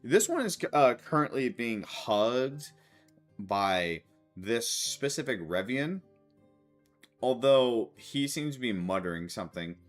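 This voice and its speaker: A man narrating a tabletop game as game master, loose and halting with frequent fillers. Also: mid-range voice, animated, soft background music. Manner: loose, halting, laughing between lines.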